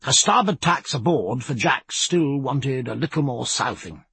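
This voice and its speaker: Man reading an audiobook, husky gravelly voice, dry close mic, takes his time. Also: medium pitch, dry recording. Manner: measured storytelling with lively, varied intonation. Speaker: narrator. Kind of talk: audiobook narration.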